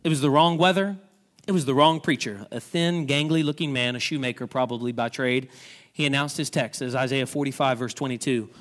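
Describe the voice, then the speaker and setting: A man's voice: medium pitch, fairly quick, fairly bright tone. A male pastor preaching a sermon, telling a story earnestly and putting direct questions to his listeners.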